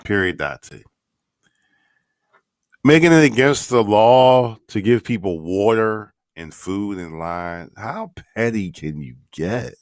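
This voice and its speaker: Male host, low lively voice, blunt and profane, dry close mic. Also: slow pace, dry recording. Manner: blunt, profane, mocking asides. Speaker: radio show host. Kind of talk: casual profane commentary.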